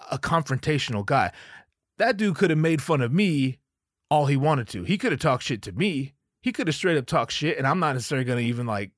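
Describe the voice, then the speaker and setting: Animated, profane man telling a story. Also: on the high side, no room sound, clean studio sound. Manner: animated, profane, laughs while telling stories. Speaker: podcast host. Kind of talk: casual storytelling monologue.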